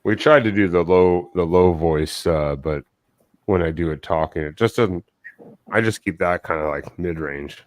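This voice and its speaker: Man, very deep voice, dry close mic, joking livestream co-host. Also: moderate pace, no room sound. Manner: joking, loose and teasing. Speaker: co-host of a live stream. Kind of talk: casual late-night livestream chat. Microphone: desktop microphone.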